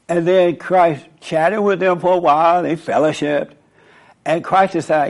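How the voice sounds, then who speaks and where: A male radio host tells a long, meandering story and moralizes about it as he goes. His voice sits a little high for a man. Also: a little fast, vocal fry. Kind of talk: preachy radio monologue.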